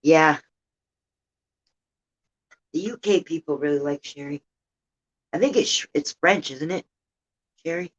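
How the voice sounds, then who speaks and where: An older woman hosts a casual, rambling livestream chat from a room at home where a heater runs, sometimes growing indignant about politics. Her voice is low-pitched and unhurried, with frequent pauses, and the sound is lo-fi.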